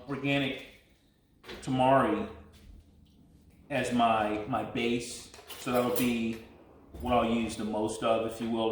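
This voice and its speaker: A man casually walking through a recipe step by step as co-host of a home cooking vlog. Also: medium pitch. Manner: easygoing, talks through each step. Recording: echoey room with faint noise.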